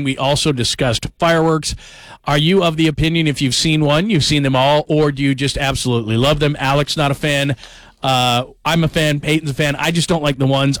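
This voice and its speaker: A man hosting a sports talk radio show, upbeat and brisk as he invites callers. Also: a little high, no room sound. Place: radio studio. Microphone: studio microphone.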